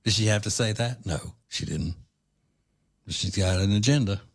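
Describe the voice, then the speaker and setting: A man's voice: lowish voice, normal speed, gravelly, slightly rough. Blunt man from Louisiana ranting. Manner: blunt, combative, rambling asides. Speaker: podcast host. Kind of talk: opinionated political commentary.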